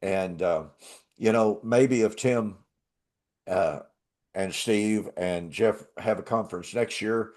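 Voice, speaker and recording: An older man hosting a talk show, telling a travel story in a casual, animated way and laughing often. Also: on the low side, takes it slowly. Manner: animated, laughs often, acts out quoted voices. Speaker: show host.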